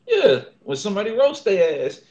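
A man's voice: high-pitched, wildly swooping pitch, moderate pace, warm tone, dull audio. A man hosting a podcast, telling stories in loose, joking casual chat with lots of laughter. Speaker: podcast host.

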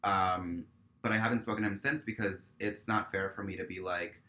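Chatting on a podcast as a guest, a male stage performer spins a story at a normal pace, his voice lowish yet bright and forceful. His talk is profane and packed with "like," and he brings the story to life by voicing each person's lines.

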